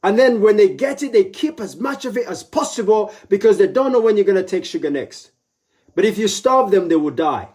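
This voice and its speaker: Man, middle-aged, motivational speaker, warm mellow tone, slightly high voice, repeats points emphatically. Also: animated, a little fast. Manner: repetitive, emphatic advice with playful voiced asides. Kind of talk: live motivational talk.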